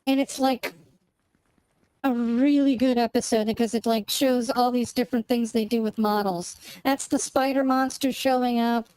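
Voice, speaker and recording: This woman's voice sits on the high side, darkish, clear and resonant, with fairly even intonation at normal speed, captured on a rough recording. A gaming streamer, she chats while playing, rambling and hunting for words.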